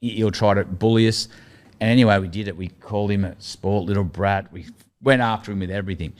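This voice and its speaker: A middle-aged man with an Australian accent and a lowish voice, chatting casually as a guest. He spins animated anecdotes, often chuckling mid-sentence and putting on the voices of the people he quotes. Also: quick pace. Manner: lively anecdotes, laughs through his stories, acts out quoted lines. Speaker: guest, former cricketer. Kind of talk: casual storytelling chat.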